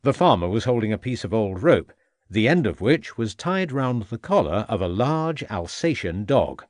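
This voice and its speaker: A man narrating an audiobook mystery in a steady storytelling manner. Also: on the low side, moderate pace, no room sound, clean studio sound. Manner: steady storytelling with dialogue tags. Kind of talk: scripted narration.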